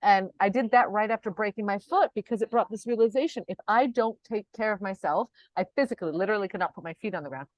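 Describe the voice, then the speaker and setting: Chatty woman host thinking out loud, bit of swearing, dry no-room sound. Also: medium pitch, fast, few pauses, no room sound, rough recording. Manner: chatty, reflective, swears casually. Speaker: interview host and coach. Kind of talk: casual interview conversation.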